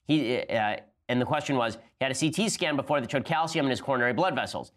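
Rapid-fire sardonic male podcast host. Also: medium pitch, fairly bright tone. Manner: rapid-fire, sardonic, talks in quick bursts. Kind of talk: fast political commentary with a read ad.

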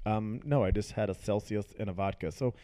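A man joins a podcast as a guest and jokes while talking loudly into the mic. His tone is mellow and dark, and the recording is dry and close. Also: fairly low pitch, no echo. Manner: joking, deliberately loud into the mic. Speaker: podcast guest, host's boyfriend. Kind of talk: casual chat.

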